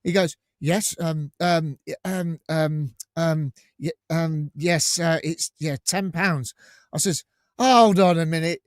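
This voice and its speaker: A man's voice: fairly high pitch, takes it slowly, dry recording. A man co-hosting a fan podcast, telling anecdotes and acting out the dialogue with laughter. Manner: animated storyteller acting out dialogue, laughing often. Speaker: podcast co-host.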